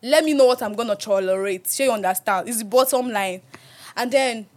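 A young woman with a Nigerian accent talks in an animated, emphatic way, pressing her points home. Her voice sits a little high. She co-hosts a casual podcast chat and mixes Pidgin into her English. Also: fairly quick. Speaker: podcast co-host.

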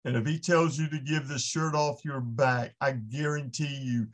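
A man's voice: mid-range voice, fairly even intonation, moderate pace. A man, a podcast guest, giving an impassioned faith testimony in an earnest storytelling manner with frequent restarts.

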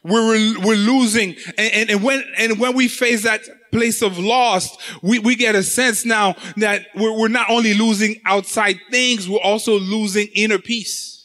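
A man's voice: high voice, fairly even intonation, unhurried, few pauses, sharp tone. A man preaching a sermon with impassioned, sing-song delivery and many repeated words.

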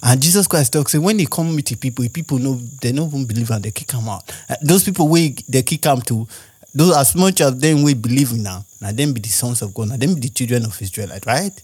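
A man's voice: medium pitch, fast, darkish tone, slightly rough. A young Nigerian man with a Nigerian accent, rambling through a casual monologue as a podcast host and firing off rhetorical questions.

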